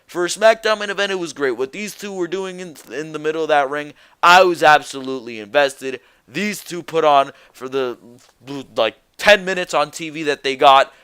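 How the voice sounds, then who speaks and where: A man's voice: on the high side, normal speed, fairly bright tone, clear, resonant tone, dry recording. A young man reviewing a wrestling show alone, ranting bluntly and swearing freely as he gives his opinions.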